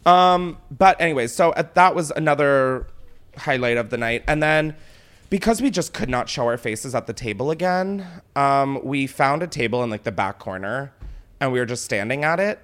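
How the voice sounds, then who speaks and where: Animated young man telling a story. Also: medium pitch, normal speed, smooth. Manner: animated, swearing, dramatic retelling with put-on quotes. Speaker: podcast host. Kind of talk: casual storytelling chat.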